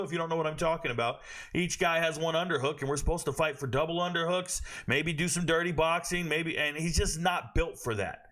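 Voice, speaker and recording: A brash young man breaks down an upcoming fight in loose, profane slang. His voice sits high and comes out bright and forceful. He talks straight to his viewers. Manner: brash, animated, trash-talking with slang and profanity. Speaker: fight prediction host. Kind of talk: casual sports commentary.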